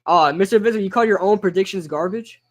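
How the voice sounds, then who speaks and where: A young man casually reacting live to a football game, chatting with viewers and shouting out their names. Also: high voice, fast talker. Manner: excitable, chatty, reads out chat names. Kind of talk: casual live-stream commentary.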